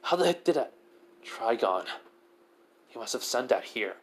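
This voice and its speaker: A man voicing a determined young male ninja in a low, urgent tone. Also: very animated, normal speed, close to an everyday voice.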